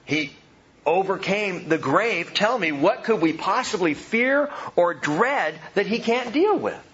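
A man preaching a sermon, animated, swinging from loud emphatic lines to soft hushed ones. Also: sits high, slow pace, slightly rough, muffled recording. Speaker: pastor.

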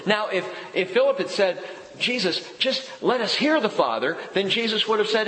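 Male pastor, sermon, lively swooping delivery, slightly high voice, echoey church with long reverb. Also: normal speed. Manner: animated preaching, drops low and soft for emphasis.

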